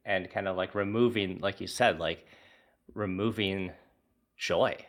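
Man podcast co-host, bright forceful tone, loose animated chat. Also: deep voice, a little slow. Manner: casual, animated, swears lightly, trails off. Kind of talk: casual conversation.

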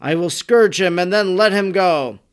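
A man's voice: sits high, normal speed, clear, resonant tone, close to an everyday voice. A man voicing a wavering Roman governor who pleads with a mob in raised, declaiming tones. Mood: protesting.

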